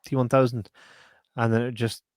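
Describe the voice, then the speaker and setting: A Scottish man co-hosting a film podcast, chatty and quick to laugh as he asks his partner questions. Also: medium pitch, level tone, dry recording, studio quality. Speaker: podcast co-host. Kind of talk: casual film review chat.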